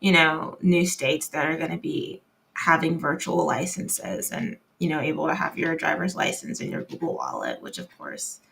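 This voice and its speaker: A woman's voice: low-pitched, big pitch swings, normal speed, vocal fry, fairly bright tone. A woman chatting as a guest on a casual livestream, upbeat and chatty, laughing often. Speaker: guest, host's partner.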